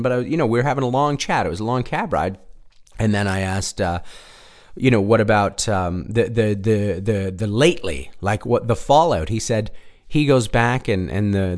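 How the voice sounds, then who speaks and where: A man's voice: on the low side, a little mellow. A man casually telling a long story on his own show, rambling, restarting sentences and swearing now and then.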